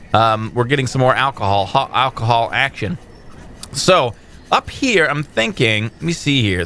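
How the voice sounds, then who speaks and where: A young man talks through a city-building game in a bright, forceful voice that swings widely up and down. He fills pauses with ums and bursts into exasperated complaints, over a faint hiss of background noise. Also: on the high side. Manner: animated, exasperated outbursts, many fillers. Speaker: gaming channel host. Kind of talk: casual gameplay commentary.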